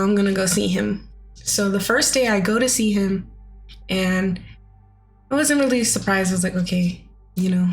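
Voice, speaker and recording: A young woman telling a personal story in a casual, chatty way, with lots of "like" and "you know.". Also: mid-range voice. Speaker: vlogger.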